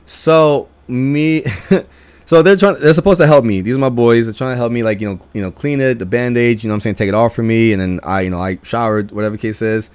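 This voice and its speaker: A man's voice: medium pitch, a little fast, darkish tone, clear, resonant tone. A young man casually telling stories about his friends, swearing a lot and acting out their lines in a raised voice. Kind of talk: casual storytelling.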